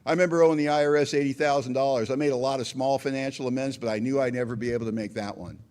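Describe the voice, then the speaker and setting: A man's voice: medium pitch, steady tone, racing, a little mellow, smooth. A middle-aged American man telling his recovery story at a meeting, earnest and self-deprecating, with acted quotes. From United States.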